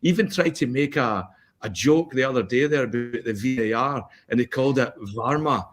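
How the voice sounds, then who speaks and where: A man on a podcast, ranting in an animated, complaining way during casual chat. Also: medium pitch, brisk. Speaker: podcast co-host.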